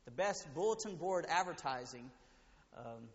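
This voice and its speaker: High-voiced male pastor booming in a reverberant hall. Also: animated, normal speed. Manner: swings from booming emphasis to hushed, intimate tones. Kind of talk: sermon. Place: church sanctuary. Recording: dull sound with long hall reverb.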